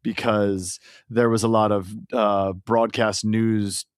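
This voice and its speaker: A man's voice: fairly low pitch, flat delivery, takes it slowly, smooth, no echo, clean studio sound. A man from Northeast Ohio explaining points in a playful, lecturing way as a podcast host. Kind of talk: casual podcast chat.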